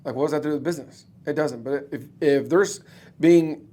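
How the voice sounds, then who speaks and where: A man's voice: a little high, a little fast, mellow. A man talking bluntly and emphatically in a casual podcast conversation, swearing freely as a guest. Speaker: guest, roofing business owner and coach.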